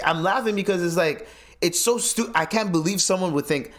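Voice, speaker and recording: A man's voice: high voice, brisk. A man hosting a podcast, ranting in casual commentary, incredulous and swearing often. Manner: animated, swearing, incredulous rants. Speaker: podcast host.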